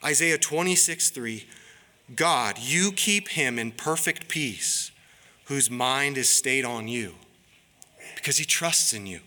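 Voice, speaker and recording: A pastor delivers an earnest sermon, his voice very bright and forceful. He preaches at an unhurried pace and pleads with his listeners. Long reverb from a large hall trails his words. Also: medium pitch, expressive.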